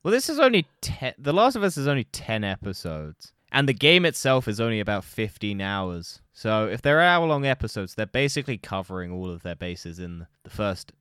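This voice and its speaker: British guy, 20s, podcast co-host, lively pitch swings, loose and sweary, dry close mic. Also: moderate pace, hardly any pauses, clean tone, no echo. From United Kingdom. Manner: sweary, animated, jumps to high pitch when exclaiming. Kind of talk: casual chat.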